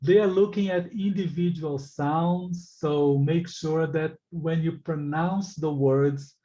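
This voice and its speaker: Man teacher articulating slowly and deliberately. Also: fairly high pitch, fairly even intonation, warm tone, highs cut off. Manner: engaging, asks the class questions and reacts to answers. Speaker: English exam teacher. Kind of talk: live online class.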